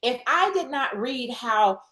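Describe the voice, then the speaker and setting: A woman guest in a faith-based interview, telling stories with scripture references and an animated delivery. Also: a little high, a little slow, roomy sound. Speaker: guest, real estate investor.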